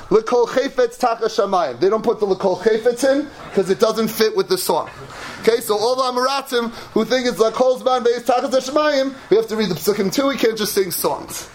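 A man giving an animated Torah sermon, building to shouts and peppering his talk with Hebrew and Yiddish terms. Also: very high voice, slight background noise.

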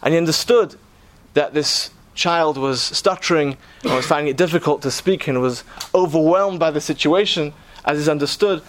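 A man with a higher-pitched voice preaches a sermon at normal speed with few pauses, earnestly telling a story and posing rhetorical questions to his listeners.

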